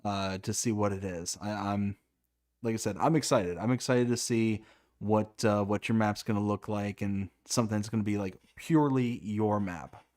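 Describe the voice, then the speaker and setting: A man's voice: fairly low pitch, fairly even intonation, normal speed, darkish tone. A man hosting a livestream interview, reading viewer questions and asking long, wordy questions with enthusiasm.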